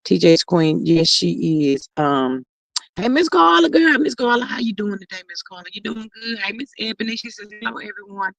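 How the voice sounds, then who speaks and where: A woman's voice: mid-range voice, normal speed, creaky, few pauses, dull audio. Chatty woman hosting a livestream. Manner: chatty, drawling, greets viewers by name. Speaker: livestream host. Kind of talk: casual chat reading comments.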